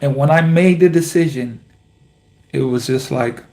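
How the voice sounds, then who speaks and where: A young man giving a slow, earnest and repetitive personal vlog monologue as host of his basketball channel. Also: mid-range voice, darkish tone.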